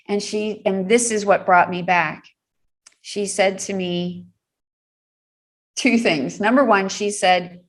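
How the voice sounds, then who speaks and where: A woman's voice: medium pitch, steady tone, slow pace. A woman being interviewed on a podcast, telling a personal story earnestly, with many fillers and frequent laughter. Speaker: guest, trauma recovery specialist.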